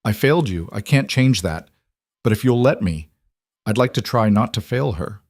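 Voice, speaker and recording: A man's voice: on the low side, lively intonation, normal speed, a little mellow, dry recording, studio quality. A man voicing a remorseful nervous mother. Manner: hesitant and remorseful. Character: remorseful middle-aged mother, nervous and pleading.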